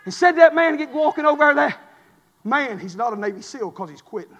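A male pastor preaching a fiery sermon, shouting, pleading and calling for amens in a church. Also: very high-pitched, fast talker, long reverb tail. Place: church sanctuary.

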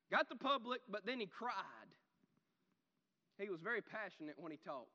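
Fiery high-voiced male preacher. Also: brisk, in a large hall. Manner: animated preaching with sudden loud shouts and quiet drops. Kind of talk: sermon.

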